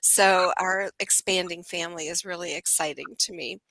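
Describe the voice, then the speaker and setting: An older woman speaks in a lowish, bright voice with a dry, close sound. She tells her stories in an upbeat, warm way as an interview guest. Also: fairly even intonation, normal speed, creaky, no echo, low-quality recording. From United States. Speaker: guest, speech pathologist. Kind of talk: podcast interview.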